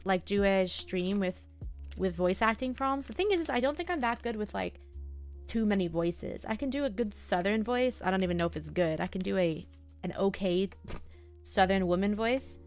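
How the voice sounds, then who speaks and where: Soft music plays behind a young woman who chats casually on her live stream while journaling. She talks at a normal speed in a mid-range voice, gently musing to herself and her viewers and filling the gaps with lots of fillers.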